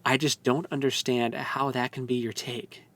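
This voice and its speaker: An animated man co-host chats loosely, with frequent laughs and fillers. His voice sits at an ordinary middle pitch. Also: normal speed. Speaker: podcast co-host. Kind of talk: casual podcast discussion.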